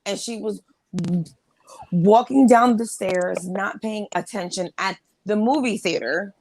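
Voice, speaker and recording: A woman's voice: mid-range voice, a little slow, darkish tone, slight background noise, low-quality recording. A woman hosting a casual chat stream, telling a family story in a blunt, exasperated way with plenty of swearing. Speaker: host.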